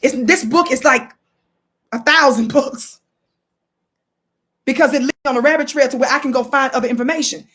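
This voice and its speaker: An emphatic woman hosts a live stream and reads from a book. Her voice sits fairly high, and she keeps calling on viewers to listen. She repeats quotes to press her points home. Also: moderate pace, pauses often, fairly bright tone, husky. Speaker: livestream host. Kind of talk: live commentary reading from a book.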